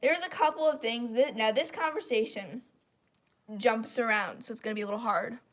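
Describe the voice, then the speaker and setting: Woman streamer, slightly high pitch, stuffy congested throat; blunt, opinionated, rambling delivery. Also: brisk. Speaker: live stream host. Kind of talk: casual live-stream rant.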